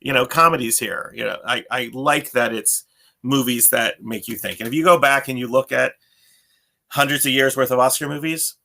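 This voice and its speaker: A man's voice: medium pitch, normal speed, creaky, sharp tone. A man in his thirties co-hosting a podcast, rambling in casual chat, often restarting his sentences and laughing. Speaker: podcast co-host.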